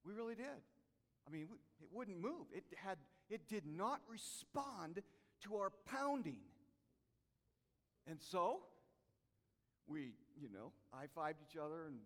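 Lively preacher guy, high voice swinging all over, big echoey church hall. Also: measured pace, long pauses. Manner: animated, call-and-response with congregation. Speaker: pastor. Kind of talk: sermon. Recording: long hall reverb.

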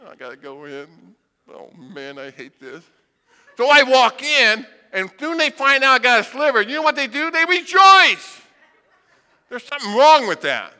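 A man's voice: extremely high pitch, normal speed, clear, resonant tone, in a large hall. A blind man preaching a sermon, telling humorous stories and acting out voices. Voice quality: blind speaker. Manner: humorous, animated storytelling with acted-out voices. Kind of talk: sermon with storytelling.

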